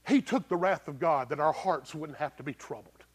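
A pastor preaching a sermon in a plain-spoken, folksy way, swinging between loud emphatic bursts and low, quiet lines and asking the congregation rhetorical questions. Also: male voice, normal speed, husky.

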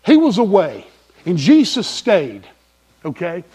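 A male pastor preaching a sermon in an emphatic, folksy manner, repeating key phrases and swinging from loud to soft. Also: high-pitched, huge pitch swings, slow pace, husky.

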